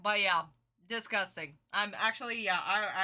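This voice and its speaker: A woman's voice: fairly high pitch, lively intonation, unhurried, bright, forceful tone. A tired woman streamer giving exasperated reaction commentary, ranting and repeating herself.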